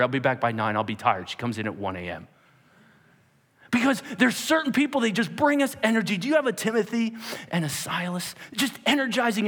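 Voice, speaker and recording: A man in his forties, a pastor, preaching a lively sermon with jokey stories and acted-out quotes, swinging between loud and hushed. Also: sits high, in a large hall.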